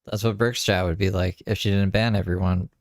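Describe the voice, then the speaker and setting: A man's voice: low-pitched, steady tone, brisk, no echo, clean studio sound. A tired man streaming, commenting casually and wryly, swearing now and then. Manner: laid-back, swearing, wry.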